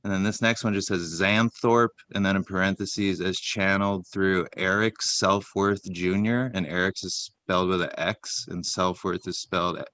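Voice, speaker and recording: Bright, crisp deadpan man reading a list. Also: low voice, normal speed, hardly any pauses. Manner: rambling, deadpan list reading with many fillers. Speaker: comedy podcast co-host. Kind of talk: casual comedic chat.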